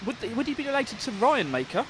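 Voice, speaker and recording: Fast-talking high-voiced man. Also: big pitch swings, crowd noise. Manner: quick, dry banter. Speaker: co-commentator. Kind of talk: casual live-stream commentary chat.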